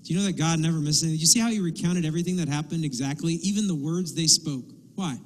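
A man preaching a sermon as pastor, lively, often acting out quotes and asides. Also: fairly high pitch, fast talker, in a large hall, a little hiss or hum, rough recording. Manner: animated, acts out quotes and asides. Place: church sanctuary.

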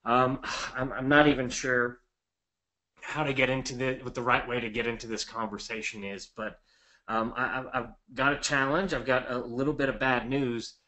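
A man acts out an anxious investor who keeps apologizing. He stammers, sighs, and lets his voice drop low and quiet, sounding hesitant throughout. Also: flat delivery, normal speed, natural voice. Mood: apologetic. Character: apologetic, anxious male real estate investor.

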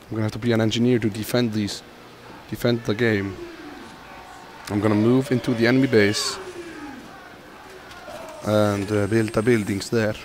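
A man's voice: fairly low pitch, normal speed, pauses often. Gamer guy, sore throat, jokey running commentary over play, faint noise floor. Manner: jokey, excitable, talks to teammates and himself. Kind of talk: gameplay commentary.

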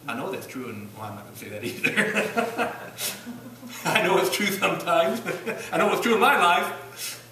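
A man preaches a sermon in a church, throwing out question after question. His voice is bright and somewhat high, swinging widely between loud bursts and low, quiet asides. He sounds far from the microphone in a roomy, echoing sanctuary with faint hiss. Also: big pitch swings, normal speed. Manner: rising to loud bursts then dropping low, rhetorical questions. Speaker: pastor. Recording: echoey church room from a distance.

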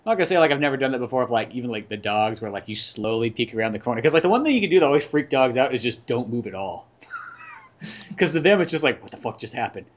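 A man's voice: medium pitch, big pitch swings, fast, muffled recording. A man co-hosting a podcast in casual chat, laughing often and acting out quoted voices. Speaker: podcast co-host.

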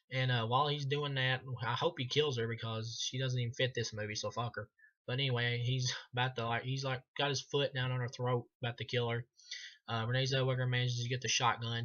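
Bright-voiced sarcastic man ranting about a movie. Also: medium pitch, muffled recording. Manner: sarcastic, profane, laughs often. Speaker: movie reviewer. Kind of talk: casual profane film review.

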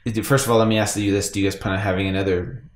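A man's voice: fairly low pitch, flat delivery, very fast. Chatty male podcast host, roomy sound. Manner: chatty, laughs often, asks guests questions. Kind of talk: casual podcast chat. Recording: roomy echo.

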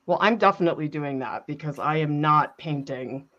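A woman's voice: low voice, normal speed, fairly bright tone, dull audio. A woman art instructor chatting casually and laughing often while she paints with ink.

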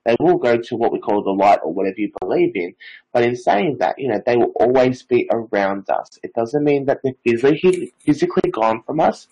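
A man's voice: medium pitch, lively intonation, a little fast, warm tone, slightly rough, lo-fi sound. A nineteen-year-old man, a psychic medium and Reiki master, telling stories in a casual, rambling interview full of filler phrases.

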